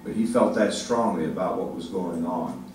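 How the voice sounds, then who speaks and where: An older man giving a speech to an audience, halting with many fillers and restarts, speaking with emphasis. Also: sits low, a little mellow. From Ohio, United States. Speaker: state legislative leader giving a speech. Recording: echoey hall, mic far off, faint noise.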